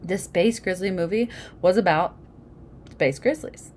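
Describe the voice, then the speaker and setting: Female storybook reader, lower voice, relaxed page-by-page asides, faint hiss behind. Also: a little slow. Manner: casual asides explaining the pictures. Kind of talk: reading a picture book aloud.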